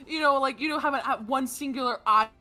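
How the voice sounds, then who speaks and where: A woman's voice: high-pitched, fast talker, bright, forceful tone, soft background music. A woman player chatting casually and rambling with frequent laughter at a tabletop game. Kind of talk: casual chat.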